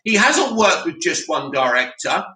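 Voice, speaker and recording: A man's voice: on the high side, sing-song, a little slow, sharp tone, roomy sound, rough recording. A man hosting a casual live stream, chatting animatedly and reading viewer comments aloud. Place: home studio in Cyprus.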